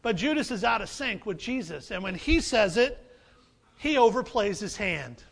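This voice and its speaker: A man's voice: high voice, sing-song, normal speed, vocal fry, fairly bright tone. A man preaching a sermon as pastor, conversational and humorous, repeating phrases for emphasis.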